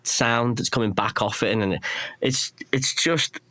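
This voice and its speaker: A man's voice: mid-range voice, measured pace, sharp tone, dry recording. A man with a Runcorn Scouse accent, talking casually as a podcast guest in a rambling, self-deprecating way, often restarting his sentences. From England. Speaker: guest, pedal maker.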